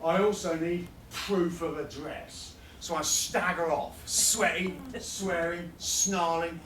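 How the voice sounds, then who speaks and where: A man performing comic spoken-word poetry live at a festival, rhythmic and building into rapid-fire lists. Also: sits high, a bit bright, a little hiss or hum. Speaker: performance poet. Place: fringe festival venue, live audience. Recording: roomy sound from a distant mic.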